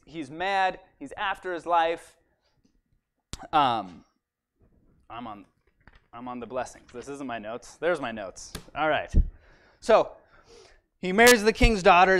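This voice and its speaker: A man casually retelling a Bible story at a church service, acting out the characters' lines and often asking "right?". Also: fairly high pitch. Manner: animated storyteller, acts out quotes, fillers like "right?". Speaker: Bible study teacher.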